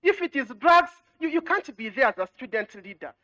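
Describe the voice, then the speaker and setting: High-voiced woman exhorting students. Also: sing-song, a little fast, pushed and bright, rough recording. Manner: exhorting, repetitive, with rhetorical questions; frequent "you know" fillers. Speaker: education ministry official. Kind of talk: formal address to students.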